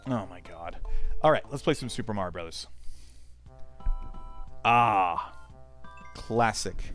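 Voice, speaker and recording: A man's voice: lowish voice, animated, slow, pauses often, a bit bright, faint music behind. A man streaming a game, chatting casually and swearing often as he reads chat aloud and rambles. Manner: profane, rambling, talks to chat.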